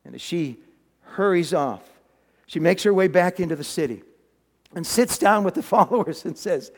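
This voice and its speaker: Brief: male preacher, storytelling sermon, folksy asides, high-pitched, reverberant hall. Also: sing-song, moderate pace, pauses often.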